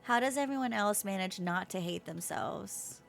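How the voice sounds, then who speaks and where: A woman's voice: medium pitch, normal speed, vocal fry, soft background music, close to an everyday voice. A gloomy young student, as a woman streamer reads it. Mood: glum. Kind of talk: reading game dialogue aloud.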